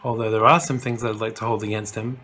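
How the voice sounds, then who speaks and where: A man's voice: on the low side, flat delivery, quick pace, sharp tone, faint music behind. A man hosting a casual vlog, chatting to camera in a rambling way with lots of fillers and restarts. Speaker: vlog host.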